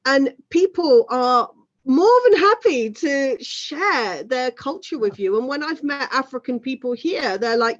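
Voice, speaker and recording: A talkative woman in her thirties speaks as an interview guest. She talks in a fairly high voice and fills her points with "you know" asides. Her sound comes through dull and lo-fi, like an online call. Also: expressive, measured pace. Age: 30s. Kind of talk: casual conversation.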